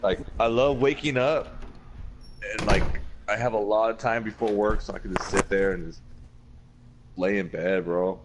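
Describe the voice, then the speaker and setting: Laid-back low-voiced man telling stories. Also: fairly even intonation, moderate pace, background noise. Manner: profane, laughing, acts out quoted friends. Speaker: podcast host. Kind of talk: casual chat, storytelling.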